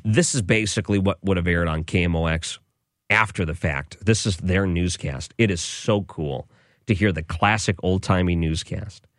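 A man's voice: sits low, no room sound, studio quality. A man hosting an overnight radio show, chatting enthusiastically with some restarts. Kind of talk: casual radio talk. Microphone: studio microphone.

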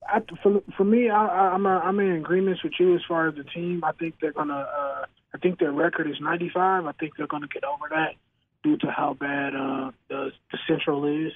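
Man, radio call-in, halting speech, muffled phone-line sound. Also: high voice, gravelly, a little hiss or hum. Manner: halting, many fillers and restarts. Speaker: caller. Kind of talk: call-in sports talk.

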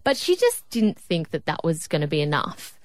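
A woman co-hosting radio, chatty and quick to laugh. Her voice is mid-pitched and dry, close on a studio mic. She tells stories with plenty of laughter. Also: sing-song, no room sound. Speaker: radio co-host. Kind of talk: casual radio chat. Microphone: studio microphone.

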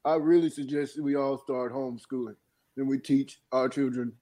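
A man speaking through tears in a group discussion, impassioned and halting, with a rough edge of anger. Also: medium pitch, steady tone, mellow. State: crying.

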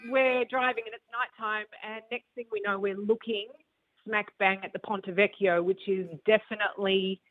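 A woman calls in to a radio show and tells a story in a chatty, amused way. Her voice sits at a middle pitch and comes through a tinny phone line. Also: fairly even intonation, normal speed. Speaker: caller. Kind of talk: phoned-in travel anecdote.

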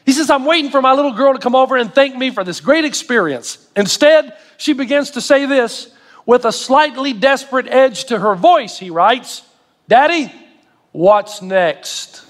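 A middle-aged male pastor delivering a sermon with animated storytelling and self-mocking humor. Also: extremely high pitch, normal speed, long reverb tail.

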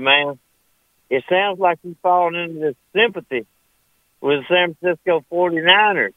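A man's voice: a little high, no echo. Male caller, folksy and combative, dry phone sound. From Alabama. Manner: folksy, argumentative. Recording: tinny phone line.

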